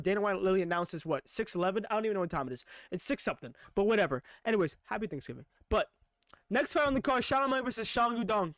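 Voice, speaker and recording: A hyped man breaks down upcoming fights in a rapid-fire, excitable stream of talk. His voice sits high for a man and the words tumble out quickly. The sound is close and dry, with no room echo. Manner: excitable, rapid-fire hype with repeated emphatic phrases. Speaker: MMA reaction vlogger. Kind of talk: live unscripted fight breakdown. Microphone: own microphone.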